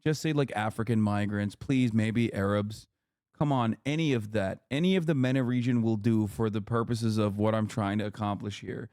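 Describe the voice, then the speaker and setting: A man putting on a pleading street interviewer who begs in a low, whiny voice. The pitch drops below his usual talk. It sounds close and dry, with no room around it. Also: moderate pace, a little mellow, clear, resonant tone, no room sound, natural voice.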